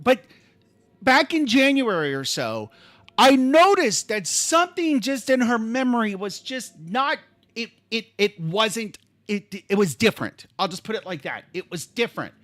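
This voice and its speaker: A man hosting a live stream, telling a story in an animated, exasperated way, swinging from calm to yelling. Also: sits high, measured pace, no echo.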